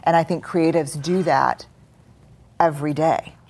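A woman's voice: low-pitched, fairly even intonation, measured pace, darkish tone, breathy edge. A middle-aged woman speaking earnestly as a guest in a live on-stage conversation, acting out inner voices as she goes. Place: stage before a live audience.

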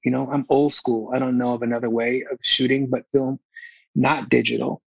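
Gravelly, husky man talking frankly. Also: mid-range voice, flat delivery, normal speed, no room sound, highs cut off. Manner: emotional, frank, many restarts and repeats. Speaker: film director, guest. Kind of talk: candid casual interview talk.

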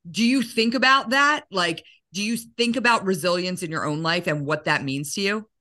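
Bright-voiced enthusiastic woman host. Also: medium pitch, normal speed. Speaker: podcast host. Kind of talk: interview questions.

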